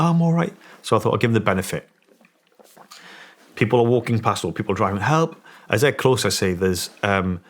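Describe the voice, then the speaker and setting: A man telling a story in casual conversation as a guest, rambling with many restarts and emphatic points. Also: low voice. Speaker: guest, former special forces soldier.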